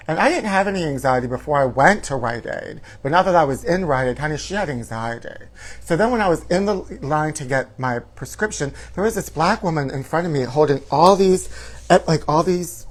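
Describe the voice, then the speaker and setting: A man hosting a comedy show, telling a campy, theatrical story, calling his listeners honey and breaking into shouted quotes. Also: on the high side, low-quality recording.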